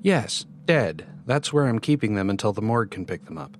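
A man's voice: lowish voice, very animated, moderate pace, slight background noise. A man voicing a stern, impatient veteran woman nurse who talks brusquely in a spoken horror story. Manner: brusque, scolding.

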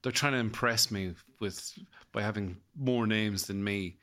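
Irish male comic host, 30s, loose self-deprecating chat, low voice with a bright edge. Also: measured pace. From Ireland. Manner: rambling, self-mocking, laughs at his own jokes. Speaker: comedian and podcast host. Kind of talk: casual comedic chat.

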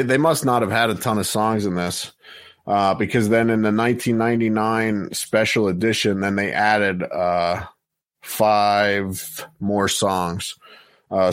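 A man's voice: lowish voice, no echo. A man hosting a podcast, reading out song lists with frequent fillers in casual chat. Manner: steady, list-reading with many fillers. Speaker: podcast host.

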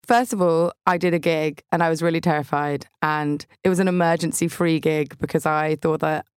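A woman's voice: sits low, steady tone, normal speed, clear, resonant tone, dry recording, clean studio sound. A young woman hosting a podcast, telling funny stories about her week in a bubbly, self-deprecating way. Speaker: podcast host. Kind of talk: chatty comic monologue.

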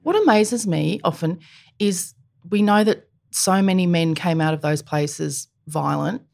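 A woman's voice: fairly low pitch, measured pace, vocal fry, darkish tone. A woman interviewing, chiming in with brief agreeing comments.

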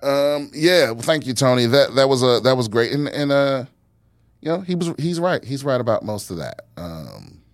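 A man's voice: mid-range voice, very animated, normal speed, no echo, clean studio sound. A man hosting a casual podcast, rambling with many restarts and swearing. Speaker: podcast host.

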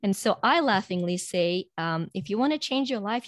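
A woman talks earnestly in a reflective, motivational way, her voice sitting at a middle pitch. She sinks soft and slow when she guides breathing and laughs lightly between points. The sound is dry and close. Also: lively intonation, no room sound. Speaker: guest.

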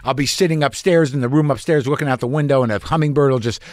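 A man's voice: mid-range voice, fast talker, no room sound. A man who is a comedian, telling a rambling, profane, anxious story as host of his own show. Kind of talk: storytelling monologue.

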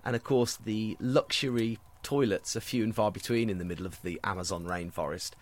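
A man's voice: lowish voice, steady tone, fairly quick. A man co-hosting a podcast in casual chat, telling funny stories. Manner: storytelling, jokey. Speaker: podcast co-host.

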